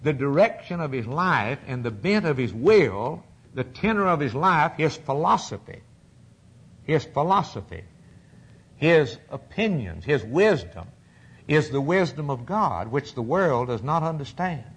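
A man preaching a fervent sermon, emphatic and repetitive, with a husky voice. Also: fairly high pitch, big pitch swings, a little slow.

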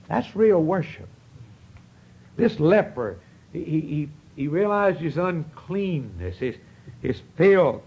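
A husky-voiced man with a drawl preaches to his congregation. He tells homespun stories in a folksy, earnest way and swells up in bursts of fervor. His tone is rough and breathy at the edges. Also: mid-range voice, lively intonation, measured pace, long pauses, darkish tone, low-quality recording. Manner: folksy, earnest, storytelling preaching with rising outbursts. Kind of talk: sermon.

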